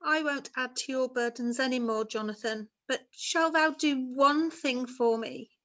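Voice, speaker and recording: A woman's voice: high voice, a little slow, fairly bright tone, highs cut off. A woman playing a ghostly young mother who speaks in archaic thee-and-thou language, earnest and pleading, in an amateur stage drama. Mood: sorrowful.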